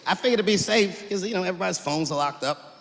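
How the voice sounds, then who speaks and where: Male stand-up comic, high, animated voice, big echoey hall, loud crowd. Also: fast, creaky, background noise. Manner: animated storytelling, swinging into character voices. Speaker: stand-up comedian. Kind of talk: stand-up comedy routine. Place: large venue on stage.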